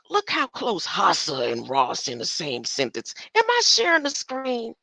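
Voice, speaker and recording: A woman's voice: medium pitch, very animated, measured pace, vocal fry, bright, forceful tone, no echo. An older woman thinking aloud as she reads from her screen, rambling with muttered asides and sudden exclamations. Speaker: solo streamer.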